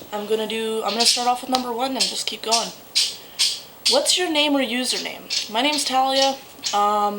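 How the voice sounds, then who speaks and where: A young woman from Canada with a Manitoba accent, chatting casually in a vlog and pausing often with ums. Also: mid-range voice, very noisy. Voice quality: chatty, halting with frequent ums. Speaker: vlogger.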